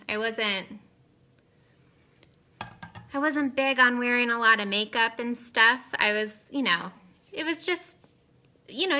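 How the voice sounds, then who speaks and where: Streaming live through a webcam or phone, a cosmetics seller in her thirties chats casually, giggly and prone to tangents. Her voice sounds slightly high, bright and pushed.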